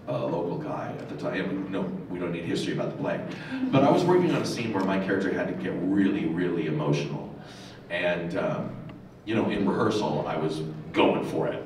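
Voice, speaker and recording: A man's voice: low-pitched, distant mic, noisy background. Thoughtful man in a very echoey room. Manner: thoughtful, storytelling, emphatic asides. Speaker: voice director on a convention panel. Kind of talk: reflective panel talk. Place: convention panel room.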